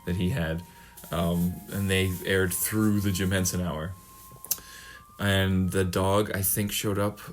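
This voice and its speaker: A man's voice: deep voice, flat delivery, slow pace. A man hosting a podcast in casual chat, rambling, trailing off and restarting, and swearing freely. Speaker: podcast host.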